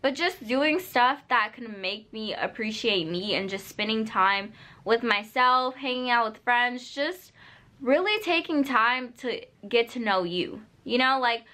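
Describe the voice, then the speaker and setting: A young woman vlogs straight to camera, offering casual, unscripted advice packed with "like" and "you know." Her fairly high voice is animated, bright and forceful, moving at a measured pace as she counsels earnestly and directly.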